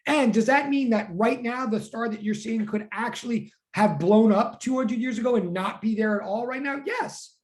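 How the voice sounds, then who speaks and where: A man's voice: very high-pitched, moderate pace, few pauses. Chatty man teaching physics online. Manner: chatty, animated, reads chat aloud. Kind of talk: online class lecture.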